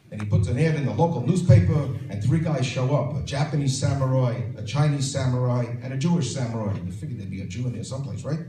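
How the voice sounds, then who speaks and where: Roomy, distant man doing lively stand-up. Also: medium pitch. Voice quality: lively, punchy delivery with asides to the audience. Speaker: stand-up comedian. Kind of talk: stand-up jokes as an impression of a famous comedian. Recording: roomy sound from a distant mic with faint noise.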